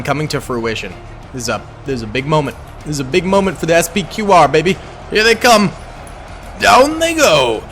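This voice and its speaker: A man giving casual, upbeat gameplay commentary on a battle simulation, chatty and excitable, with playful slang. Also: mid-range voice.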